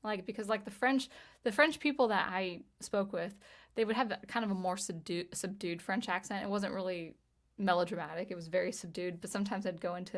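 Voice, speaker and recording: A woman in her thirties chatting casually on a livestream as she reads viewer comments, talking in a halting way with frequent restarts. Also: medium pitch. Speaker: livestream host, music teacher and composer.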